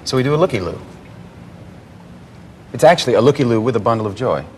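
An actor playing a smooth male con man, persuasive and placating. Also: mid-range voice, expressive, quick pace, darkish tone, a little hiss or hum, lightly acted. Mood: scheming.

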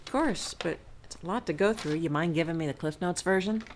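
A woman's voice: fairly low pitch, fairly quick, slight background noise, close to an everyday voice. A woman playing a pushy, curious researcher. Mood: eager.

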